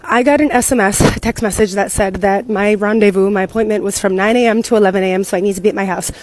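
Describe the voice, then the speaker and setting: An American woman in young adulthood, telling a story to camera in a chatty, animated way and swearing freely. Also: mid-range voice, fast. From United States. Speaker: content creator living abroad.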